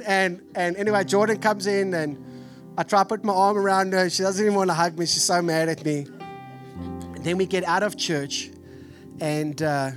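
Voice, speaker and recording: A man in his forties with a Texan accent, preaching a sermon in an animated, storytelling way. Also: high voice. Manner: animated storytelling, acts out family voices. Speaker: pastor. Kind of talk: sermon with personal stories.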